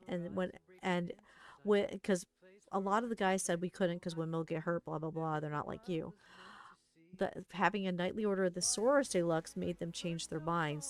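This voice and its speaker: A lively woman spins her stories in a casual stream, her voice sitting a touch low for a woman. She jumps into little voices for the people she quotes, and soft music plays faintly behind her. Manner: animated, acts out quoted lines. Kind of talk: casual storytelling while painting.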